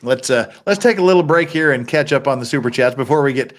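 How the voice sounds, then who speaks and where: A man's voice: mid-range voice, quick pace. A middle-aged man hosting a legal commentary stream, reading court filings aloud with sarcastic, wry asides.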